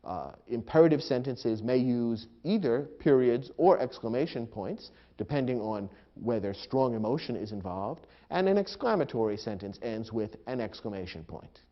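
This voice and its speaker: A man's voice: medium pitch, expressive. Guy teaching grammar, voice rises and falls a lot, kinda dull lo-fi sound. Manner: measured, explanatory, acts out example sentences. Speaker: grammar instructor. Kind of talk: scripted instructional narration. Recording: dull lo-fi recording.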